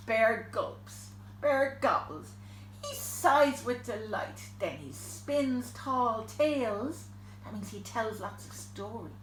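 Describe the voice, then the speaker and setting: A woman reading a picture book aloud to her children, animated, gasping and asking them questions. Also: medium pitch, roomy sound, slight background noise. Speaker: parent reading to her boys.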